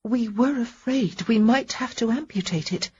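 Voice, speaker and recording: A woman's voice: on the high side, moderate pace, mellow, slightly rough, lo-fi sound, voice pushed up. A woman narrating an audiobook, voicing a caring young lady who sits at a sickbed, speaking earnestly and a little fretfully. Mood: reassuring. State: sleepy.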